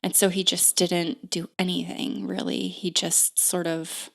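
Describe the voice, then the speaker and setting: A woman in her thirties telling a personal story as a podcast guest, unhurried and full of "like" fillers and restarts. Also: on the low side, level tone, gravelly.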